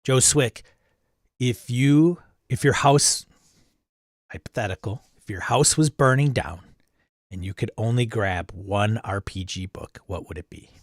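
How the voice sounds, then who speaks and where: A man's voice: fairly low pitch, a little slow, dry recording, studio quality. A man hosting a livestream, casually chatting and greeting viewers by name as he reads their comments. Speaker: livestream host reading chat. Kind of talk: casual chat.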